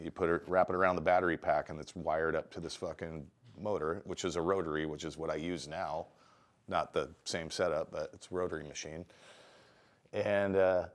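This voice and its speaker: A middle-aged man, a tattoo artist, telling rambling, profane stories in a casual interview. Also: deep voice. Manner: profane, rambling, animated storytelling.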